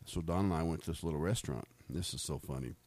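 A middle-aged American man tells faith stories in a loose, rambling testimony, often repeating words and laughing. His voice is a low rumble with a darkish tone, and he talks quickly. The recording is dry.

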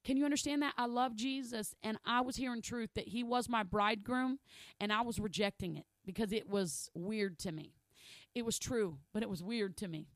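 A woman's voice: on the high side, moderate pace, no echo. A woman preaching a sermon in a conversational, emphatic way, often checking in with her listeners.

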